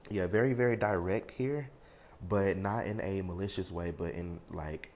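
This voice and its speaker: A man's voice: low voice, normal speed, a little mellow, slight background noise. A man giving a casual tarot reading to his viewers, rambling with lots of fillers and talking frankly, with a bit of swearing. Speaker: tarot reader.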